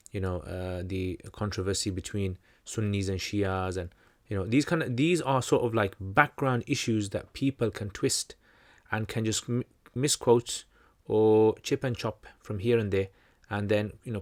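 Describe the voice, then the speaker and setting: A man's voice: fairly low pitch, moderate pace, darkish tone. A man hosting a livestream Q&A, teaching in a loose, conversational way, full of fillers and restarts. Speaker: channel host answering questions.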